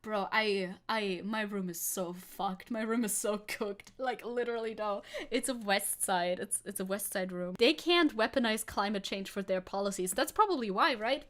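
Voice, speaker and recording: A woman's voice: medium pitch, moderate pace, hardly any pauses, a bit bright. A woman streamer giving casual, sarcastic commentary, laughing often and swearing. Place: hot room at home.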